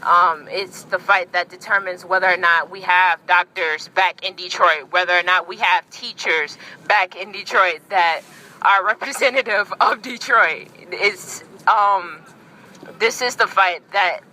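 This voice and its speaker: A woman's voice: lowish voice, a little slow, bright, forceful tone, a little hiss or hum, poor audio. A woman organizer speaking at an outdoor rally, rambling with many fillers.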